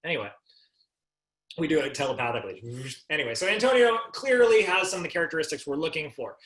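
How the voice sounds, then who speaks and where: A man giving a live training talk to an audience, animated and jokey, acting out sample dialogue. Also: a little high, fast talker. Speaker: sales and business trainer. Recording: echoey room.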